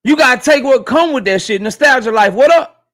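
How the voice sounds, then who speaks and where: High-voiced man ranting to his stream chat. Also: a little fast. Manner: profane, animated, talks straight to his chat. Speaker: boxing YouTube host. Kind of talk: casual livestream rant.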